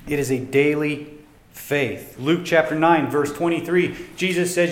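A male pastor preaching a sermon, swinging between loud emphatic lines and quiet asides. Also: fairly high pitch, unhurried. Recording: echoey room with faint ambience.

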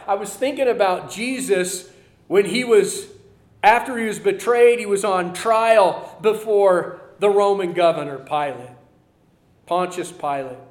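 A man preaching a Sunday lesson, earnest, moving between loud emphasis and quiet asides. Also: high-pitched, unhurried, echoey room. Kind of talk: sermon.

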